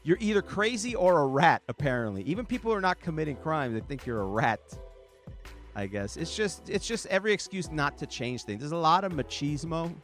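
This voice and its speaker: A man's voice: on the high side, sing-song, brisk, a bit bright, soft background music. A man hosting his own show, talking casually and comedically to viewers, mocking with rhetorical questions and brief impressions. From United States. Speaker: podcast host. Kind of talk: casual comedic monologue reading chat.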